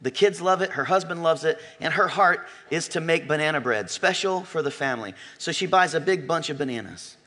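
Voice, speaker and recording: A man pastor preaching a sermon in church, emphatic, swinging from quiet asides to near-shouts and slowing down for stress. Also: a little high, animated. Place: church sanctuary.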